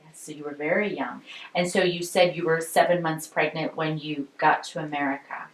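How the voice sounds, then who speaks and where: A woman conducts an oral history interview, asking gentle questions and prompting with soft acknowledgements. Her voice is somewhat low, and the recording is echoey. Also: fairly even intonation, normal speed. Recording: echoey room.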